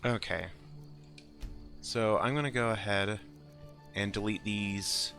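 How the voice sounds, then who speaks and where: A man hosting his gameplay video in a relaxed, unhurried drawl, his voice fairly low yet bright and forward. He mutters item names in near-whispers between remarks, with faint game music under him. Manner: slow, musing, often drops to a whisper while reading. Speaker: gaming channel host. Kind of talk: casual gameplay commentary.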